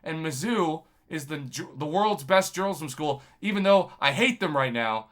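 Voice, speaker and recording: A man, a YouTube journalist, talking to camera in a rambling, impassioned monologue full of shout-outs. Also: fairly high pitch, animated, moderate pace. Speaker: YouTube video game journalist.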